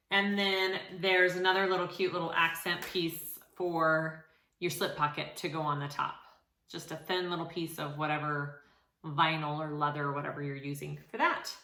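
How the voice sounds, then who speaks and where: A woman's voice: low-pitched, pushed and bright. A woman hosting a sewing tutorial, talking casually and encouragingly with frequent fillers. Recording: echoey room.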